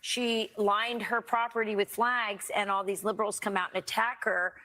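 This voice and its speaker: A woman's voice: medium pitch, flat delivery, moderate pace, sharp tone, low-quality recording. A woman commenting on politics on a panel, chatty, with frequent ums. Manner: chatty, with many um fillers.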